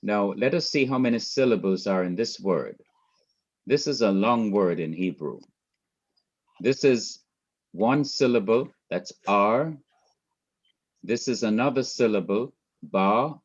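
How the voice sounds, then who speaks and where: With a fairly low, expressive voice, a man with a Jamaican accent speaks a little slowly and pauses often. He walks through Hebrew grammar over slides in a recorded lecture, methodically repeating terms and counting syllables aloud, and the lo-fi recording sounds dull.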